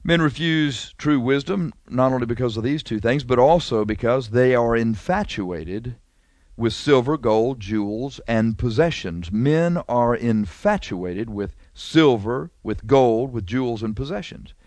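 A man's voice: mid-range voice, expressive, a little slow, a little mellow, no room sound. A man preaching a sermon in a conversational, emphatic way, repeating phrases and drawing out key words.

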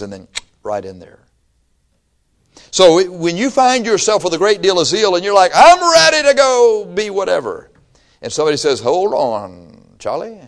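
Pastor guy preaching at church, folksy and animated, joking around between serious points. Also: mid-range voice. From Michigan. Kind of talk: sermon.

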